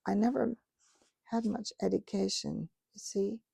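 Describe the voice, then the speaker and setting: A humble, plain-spoken London cabbie in his rough Cockney dialect, dropping his grammar as he answers, as a woman reading a storybook puts him on. The voice is gravelly and dark, recorded close and dry. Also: medium pitch, fairly even intonation, unhurried, no room sound, heavily acted. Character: humble working-class London cab driver man.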